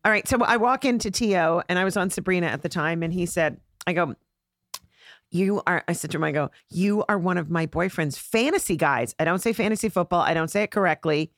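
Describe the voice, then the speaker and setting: Middle-aged woman comic, low voice, lively anecdotes with acted-out quotes, dry close sound. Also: a little fast, no room sound. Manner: animated storyteller acting out quoted voices. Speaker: comedian guest. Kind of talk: podcast storytelling chat.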